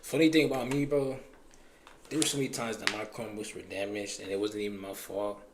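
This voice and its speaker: A young man, just out of high school, telling laid-back stories in casual slang with a frequent "bro". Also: fairly even intonation, brisk, background noise. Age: recent high school graduate. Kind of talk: casual chat.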